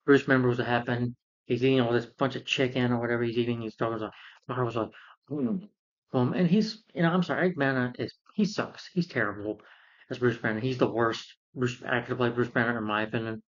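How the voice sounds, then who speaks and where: A man's voice: mid-range voice, fairly even intonation, quick pace, highs cut off. Rambling exasperated man reviewing a movie. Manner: rambling and exasperated, with many fillers and restarts.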